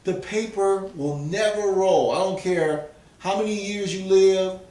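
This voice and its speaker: A pigeon fancier from Southern California speaks earnestly and emphatically in a casual interview. His high voice is mellow and measured in pace. The recording sounds echoey and distant from the mic.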